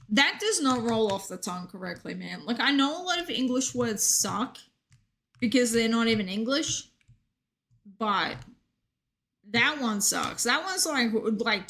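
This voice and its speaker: A woman's voice: a little high, sharp tone. An Australian woman streaming a game, chatting casually in a jokey, rambling way and answering her chat.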